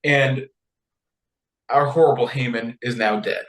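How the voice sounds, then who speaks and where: A man co-hosting a podcast, retelling a story casually and acting out characters' lines in animated voices. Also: mid-range voice, unhurried, roomy sound, poor audio. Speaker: podcast co-host.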